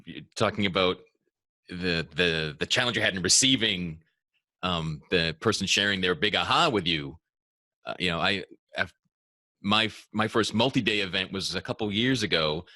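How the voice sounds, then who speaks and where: A man hosting a casual podcast conversation, playful and animated. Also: sits low, no echo. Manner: animated, playful, quick to laugh. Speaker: podcast host.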